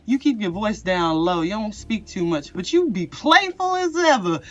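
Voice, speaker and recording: Chatty woman tarot reader, mid-pitched voice, rambling casual delivery, slightly dull recording with faint music underneath. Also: animated, moderate pace. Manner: rambling, chatty, laughs often. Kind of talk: casual pick-a-card tarot reading.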